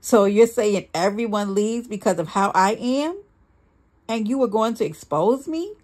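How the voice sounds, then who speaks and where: A smug, self-assured man who answers with mocking, feigned innocence, as a woman reader puts him on. The voice is gravelly with a husky edge, and he speaks cool and unhurried in a read-aloud story. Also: lowish voice, mellow, heavily acted. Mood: angry.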